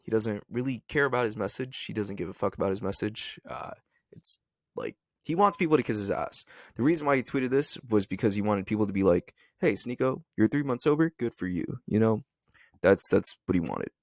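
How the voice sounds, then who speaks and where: A man's voice: fairly low pitch, animated, a little fast, dry recording, clean studio sound. A young man doing ranting commentary, angry, profane and mocking. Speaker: commentary YouTuber.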